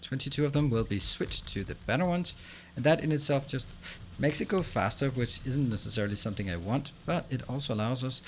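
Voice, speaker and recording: A man hosting a let's play, explaining what he does as he plays and filling pauses with frequent ums and uhs. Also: mid-range voice, animated, a little hiss or hum. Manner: explains while playing, with frequent fillers. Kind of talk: gameplay commentary.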